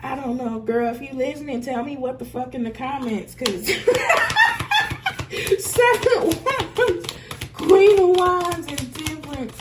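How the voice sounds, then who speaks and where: Lady doing a tarot reading, cussing, voice up and down a lot, kinda high. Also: animated, unhurried, very noisy. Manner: candid and profane, swinging from loud outbursts to low muttering. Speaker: tarot reader.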